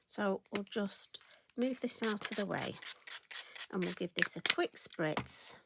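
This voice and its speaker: A middle-aged woman leads a card-stamping tutorial, talking to viewers as she works with a chatty, self-deprecating manner. Her medium-pitched voice is expressive, slow and creaky. The recording is very noisy.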